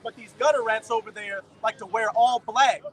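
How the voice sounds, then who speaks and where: A man talking casually outdoors, animated as he explains scripture and old stories. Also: extremely high pitch, moderate pace, poor audio.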